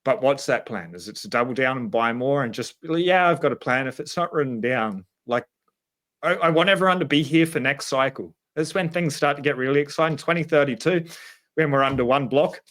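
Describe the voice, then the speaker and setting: A man's voice: mid-range voice, brisk, a bit bright. Brief: Australian male host, blunt and emphatic, casual talk. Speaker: podcast host. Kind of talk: casual podcast chat.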